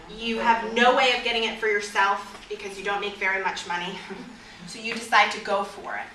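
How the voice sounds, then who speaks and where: A woman teaching a class on fearful dogs as a trainer, in a lively way, with vivid examples and questions to her audience. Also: medium pitch, moderate pace, a little hiss or hum. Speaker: dog trainer. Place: store or training room with an audience. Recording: echoey room, recorded from a distance.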